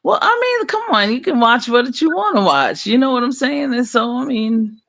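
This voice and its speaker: A man's voice: very high voice, expressive, moderate pace, vocal fry, fairly bright tone, dry recording. An easygoing man joining a live stream who explains things at length. His voice sounds close and dry, with no room sound. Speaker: stream guest. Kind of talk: casual chat on a live stream.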